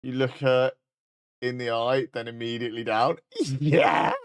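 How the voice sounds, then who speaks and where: A man chatting casually on a live stream while coding, joking, swearing and dictating instructions slowly. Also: mid-range voice, steady tone, no room sound.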